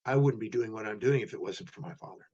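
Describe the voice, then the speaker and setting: A man's voice: lowish voice, fast, darkish tone, dull audio, pitched below the performer's own voice, lightly acted. A man retelling a tearful grown animator.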